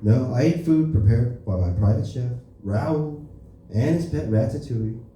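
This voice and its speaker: Man doing a pompous crude elder statesman impression, very dark mellow tone, echoey club heard from a distance. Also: mid-range voice, lively intonation, a little slow, slight background noise, natural voice. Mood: boastful. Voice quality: brash, rambling, self-important. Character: boastful crude older male politician. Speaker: stand-up comedian. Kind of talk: stand-up impression. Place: comedy club open mic. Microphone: stage microphone. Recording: echoey room from far off.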